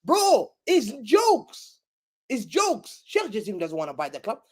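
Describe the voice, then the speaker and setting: A man's voice: very high-pitched, wildly swooping pitch, unhurried. A man on a live-streamed football show, mocking a rival club with gleeful, slang-heavy banter over a desk microphone. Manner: mocking, gleeful, uses London street slang. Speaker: guest pundit.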